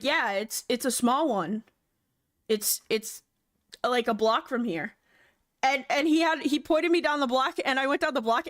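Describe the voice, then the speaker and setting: Young woman streamer, slightly high voice, rambling and casually profane chat. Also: fairly bright tone. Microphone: desk mic.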